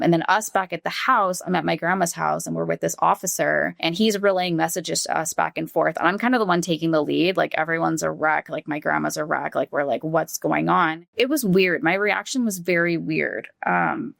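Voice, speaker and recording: A woman guest on a podcast, telling a painful personal story in a halting, conversational way, full of "like" and acted-out quotes of what others said. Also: on the low side, steady tone, vocal fry, a bit bright, dry recording, studio quality. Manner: halting, heavy use of "like", acts out quoted voices.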